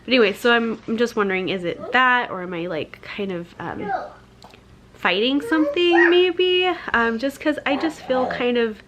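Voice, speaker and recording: A young woman, a stay-at-home mom, talking candidly to the camera at home in a soft, halting and emotional way, with many pauses and fillers. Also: fairly high pitch, highs cut off, noisy background. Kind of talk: candid vlog chat. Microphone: camera mic.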